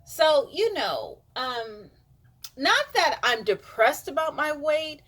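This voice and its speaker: This middle-aged woman vlogs a meandering, casual story straight to camera, leaning on lots of fillers. She speaks slowly in a high, fairly bright, very animated voice, and whispers when repeating what other people said.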